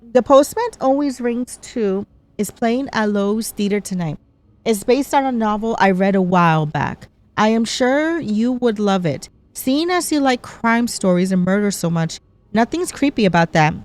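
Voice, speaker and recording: A woman's voice: medium pitch, a little mellow. A woman streaming a mystery game, reading its letters aloud between chatty reactions. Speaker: gameplay streamer.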